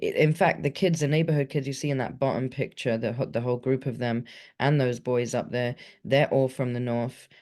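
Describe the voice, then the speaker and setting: A woman's voice: a bass voice, steady tone, brisk, a little mellow. Casual chatty woman on a webinar. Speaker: executive director. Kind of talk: webinar talk.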